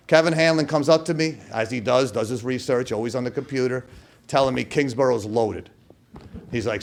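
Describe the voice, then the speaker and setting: A man's voice: mid-range voice, a little hiss or hum. Middle-aged New man giving a speech. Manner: storytelling, acts out quoted coach with loud outbursts. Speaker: hall of fame inductee giving acceptance speech. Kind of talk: speech at a podium.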